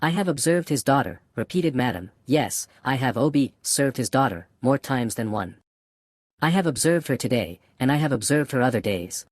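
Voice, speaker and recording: Un hombre interpreta a una tabernera severa y vengativa, de desprecio frío e insistente, con una voz grave y seca en un audiolibro. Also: male voice, medium pitch, animated, normal speed, no room sound, clean studio sound, close to an everyday voice. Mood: contemptuous. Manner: contemptuous, cold and insistent. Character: Madame Defarge, stern vengeful wine-shop woman.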